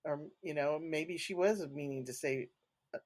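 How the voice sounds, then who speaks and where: A woman's voice: deep voice, normal speed. Chatty woman telling ghost stories. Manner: animated, chatty, laughs between points. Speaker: podcast guest, paranormal investigator. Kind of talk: casual conversational storytelling.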